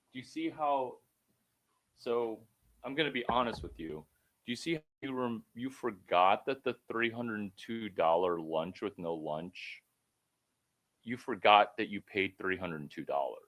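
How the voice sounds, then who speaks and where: A man with a fairly low voice talks through a one-on-one coaching call. He is blunt and swears freely. He rambles, then jumps into sudden loud bursts. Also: expressive, measured pace. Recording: phone call.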